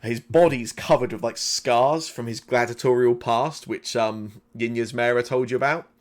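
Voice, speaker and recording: A man's voice: medium pitch, normal speed. Rambling male game master. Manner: rambling, filler-heavy narration with frequent restarts. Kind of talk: narrating a tabletop game.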